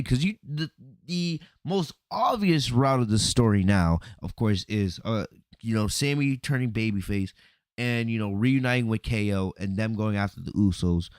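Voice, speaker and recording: Animated man recapping, dry sound. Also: lowish voice, no room sound. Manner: animated storytelling, acts out quotes, frequent "right?" and "you know". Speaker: podcast host reviewing wrestling. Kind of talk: casual solo review commentary.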